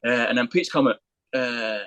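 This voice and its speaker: A man appears as a podcast guest, telling a lively anecdote in casual conversation, swearing freely and voicing the people in his story. His voice is medium-pitched at normal speed, with a clean tone and no room sound, though the audio quality is poor.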